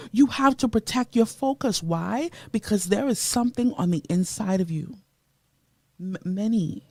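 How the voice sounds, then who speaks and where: A woman's voice: mid-range voice, dark tone, no echo. A woman from the Bahamas hosting a motivational radio show, emphatic and preachy, greeting listeners by name from a studio mic.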